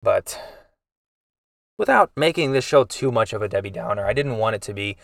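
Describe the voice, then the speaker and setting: A man with a fairly low voice tells a story in a loose, rambling way, often restarting his sentences as the feeling rises. He sounds a little far from the mic in a dry room with no echo. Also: expressive, normal speed, creaky, fairly bright tone. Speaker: podcast host. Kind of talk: casual storytelling monologue.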